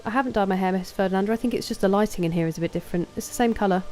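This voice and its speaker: A woman's voice: medium pitch, rapid-fire, mellow, soft background music, low-quality recording. A woman streaming a game, chatting casually with her viewers, greeting and thanking them and answering their questions.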